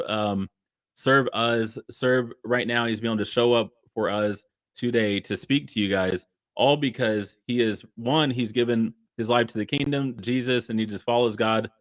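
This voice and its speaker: A man's voice: medium pitch, steady tone, moderate pace, no echo, studio quality. A man hosting an online event, hyping up the guest and the audience with eager cheerleading. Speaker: livestream host.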